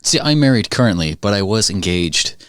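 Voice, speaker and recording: A man co-hosting a podcast, teasing his friends with quick joking interjections in casual banter. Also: on the low side, animated, a bit bright, clean tone, dry recording. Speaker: podcast co-host.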